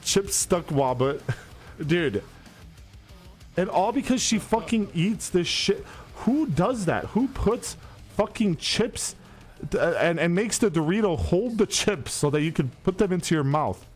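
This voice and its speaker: Hosting his stream, a young man with a high-pitched voice and lively intonation takes his time telling chat a long story. It's rambling and profane, full of restarts, and faint music plays in the background.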